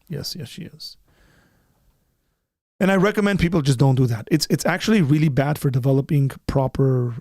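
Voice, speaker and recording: A man hosting a live call-in show, arguing and answering chat questions with quick restarts and repeated words. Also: mid-range voice, creaky, a little mellow, husky, dry recording, clean studio sound. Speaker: apologetics show host.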